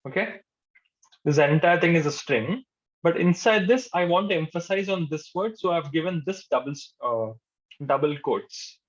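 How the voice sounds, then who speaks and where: A man's voice: a little high, animated, normal speed. A male programming instructor, giving a live coding lecture to a class. He repeats his points patiently and says "okay" often. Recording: dull lo-fi sound.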